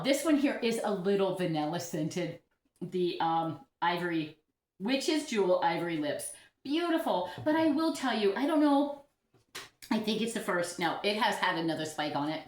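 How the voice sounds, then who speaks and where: A woman's voice: on the low side, reverberant. A woman vlogging casually about her orchids at home, chatty and giggly, often laughing at herself. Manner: chatty, giggly, self-deprecating. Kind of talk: casual vlog chat.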